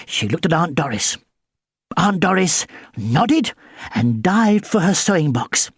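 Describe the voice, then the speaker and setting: A woman narrating a children's audiobook with expressive, lively storytelling. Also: on the low side, takes it slowly, husky, no echo, clean studio sound.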